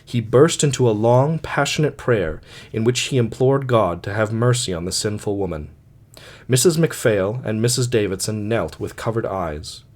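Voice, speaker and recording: A man narrating a classic short story in a measured, dramatic way. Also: fairly low pitch, darkish tone. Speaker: audiobook reader.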